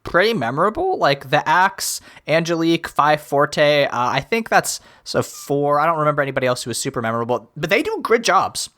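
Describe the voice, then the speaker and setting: A young man co-hosting a podcast in casual chat, animated and laughing, slipping into silly voices when he quotes characters. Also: a little high, a little fast, hardly any pauses. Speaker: podcast co-host.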